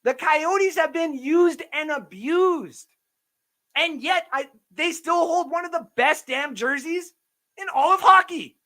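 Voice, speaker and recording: A man's voice: very high voice, slow, a bit bright. A young man hosting a sports livestream, ranting with profanity and reading chat comments aloud. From Canada. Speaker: sports podcast host.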